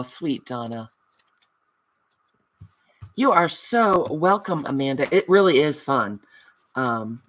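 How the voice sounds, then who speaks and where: Her voice rumbles low with a fairly bright tone as she wraps up a craft livestream. Chatty and self-mocking, she reads out viewer comments, answers them, and affectionately calls people honey.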